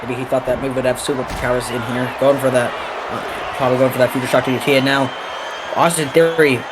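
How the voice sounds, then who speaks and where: A man giving excited play-by-play commentary on a wrestling match, calling moves quickly and shouting on near falls. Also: mid-range voice, a loud crowd, very noisy.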